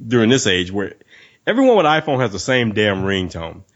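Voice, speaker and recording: A man's voice: on the low side, brisk. A man in casual chat who keeps acting out what people say, laughing often. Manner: animated, acts out quoted voices with laughs. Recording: dull lo-fi sound.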